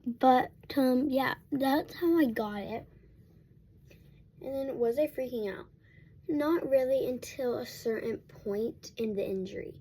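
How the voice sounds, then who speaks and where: A woman's voice: sits high, a little slow, dark tone, slightly rough. A young woman vlogger telling a casual storytime at home while getting ready, rambling with many restarts and fillers.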